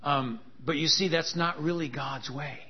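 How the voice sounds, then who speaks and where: A man's voice: fairly high pitch, measured pace. A man preaching a sermon, with joking, laughing asides and emphatic contrasts that build in intensity. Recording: dull lo-fi sound.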